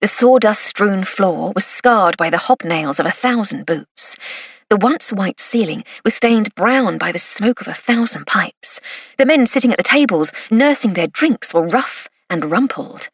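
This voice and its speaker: A woman narrating a first-person mystery audiobook in a wry, measured way. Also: mid-range voice, expressive, breathy edge, no room sound, studio quality.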